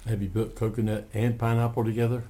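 A man's voice: lowish voice, level tone, fast talker, mellow. A man hosting a radio morning show, bantering and teasing in a casual, playful way in the studio.

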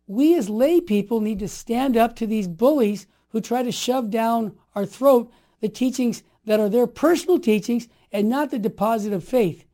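A man in his sixties telling stories in a conversation, emphatic and animated, sometimes building to forceful outbursts. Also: high-pitched. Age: 60s. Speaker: interview guest. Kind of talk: storytelling conversation.

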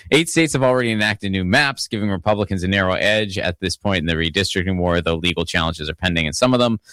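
Man from Pittsburgh, casual political host; low-ish voice, rambling stammered restarts, dry close sound. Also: a bit bright, no echo. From Pittsburgh, Pennsylvania. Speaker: podcast host.

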